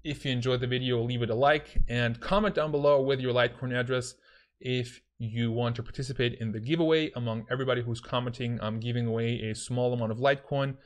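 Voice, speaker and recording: A man hosting his own cryptocurrency channel, talking loosely to camera with fillers and restarts. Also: mid-range voice. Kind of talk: casual talk to camera.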